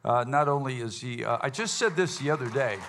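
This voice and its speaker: A man's voice: mid-range voice, animated, brisk, a bit bright, slight background noise. A man leading his band's casual question session with a live audience, rambling and folksy, full of fillers and restarts. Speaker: bandleader hosting a audience Q&A. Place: event hall with live audience.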